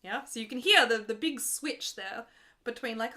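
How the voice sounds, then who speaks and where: A woman's voice: a little high, animated, moderate pace, bright, forceful tone. A young adult woman who sings opera, chatting on a live stream in a joking, casual way while explaining arias to viewers. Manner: chatty and joking, breaks into full operatic singing. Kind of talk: live stream chat and teaching.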